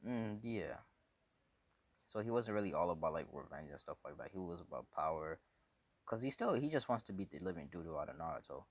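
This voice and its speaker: A man's voice: sits low, big pitch swings, brisk, no room sound. A man casually telling a fan story, rambling and slangy with lots of fillers.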